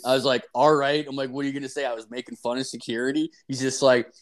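A man spins a loose, swear-filled anecdote in casual podcast chat. His talk meanders and leans hard on "like" and restarts. His voice sits at an ordinary male pitch. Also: level tone, quick pace, few pauses. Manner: profane, rambling, heavy use of "like" fillers.

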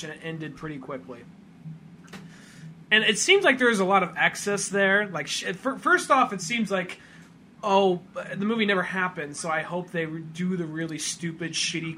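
Swearing, bright-voiced podcast co-host man. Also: fairly high pitch, slight background noise. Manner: profane, animated, rambling. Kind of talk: casual chat.

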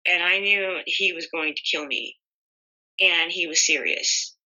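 A woman's voice: on the low side, measured pace, sharp tone, muffled recording. A middle-aged woman telling a personal story in an interview, earnest and emotional. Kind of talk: personal testimony.

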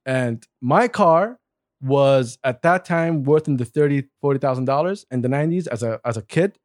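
A Saudi Arabian man in his forties, appearing as a guest, tells a story in casual conversation, animated, laughing a lot, and swearing freely. His mid-range voice moves at normal speed, recorded in studio quality with no room sound.

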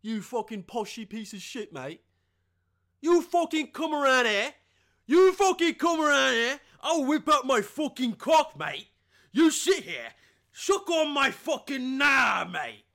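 A man putting on a crude, aggressive English football fan in a mock English accent, shouting threats. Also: very high-pitched, very animated, measured pace, pitched above the performer's own voice, exaggerated voice. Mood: belligerent.

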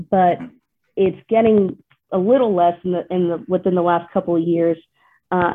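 A young woman with a Texan accent, speaking as a guest lawyer in a casual interview, thoughtful and measured with frequent fillers. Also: lowish voice. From Texas. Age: young adult. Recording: tinny phone-like remote call audio.

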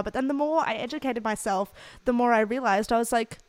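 A young Australian woman telling frank, animated stories in a casual podcast chat. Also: on the high side, brisk, dry recording. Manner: frank, animated storytelling with laughs. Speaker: podcast co-host.

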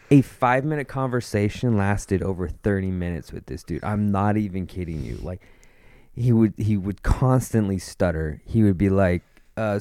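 A man chatting on a podcast, his voice low and mellow. He tells a story in a loose, animated way, swearing freely. The sound is dry and close. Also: clear, resonant tone, dry recording. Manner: animated, swearing, quoting others. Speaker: podcast co-host. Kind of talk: casual storytelling chat.

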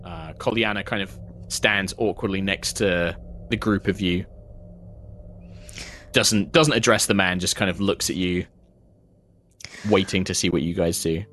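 A man's voice: deep voice, unhurried, long pauses, a bit bright, a little hiss or hum. A man narrating a tabletop game as game master, describing scenes with frequent fillers.

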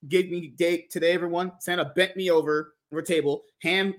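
A man hosting a podcast, talking in a loud, crude, joking way. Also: sits high, expressive, moderate pace, few pauses. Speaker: podcast host. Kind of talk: crude casual podcast chat.

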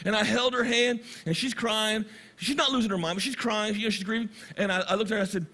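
A middle-aged man preaching from the pulpit, his voice high and bright. He tells stories and reads scripture with animated energy, drawing out key words slowly for emphasis. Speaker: pastor. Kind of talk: sermon.

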